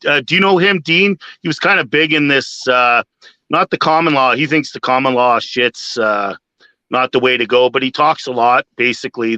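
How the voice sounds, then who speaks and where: Mężczyzna w swobodnej rozmowie panelowej, mówi chaotycznie i z wahaniem, często przeklina i wtrąca "uh". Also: male voice, medium pitch, pushed and bright, dry recording, poor audio. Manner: rambling, hesitant, swears often, many fillers. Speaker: panel guest. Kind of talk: casual chat.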